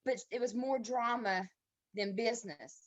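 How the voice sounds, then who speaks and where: A woman's voice: a little high, no echo. Tearful woman on a call. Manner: heartfelt and halting, with pauses and restarts. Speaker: team member sharing a testimony. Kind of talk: emotional personal testimony on a video call. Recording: dull, dry lo-fi call audio.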